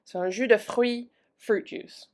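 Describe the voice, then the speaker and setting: A woman teaching French vocabulary, repeating each word slowly and then explaining it in casual English. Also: on the high side, fairly even intonation, darkish tone. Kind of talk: vocabulary lesson.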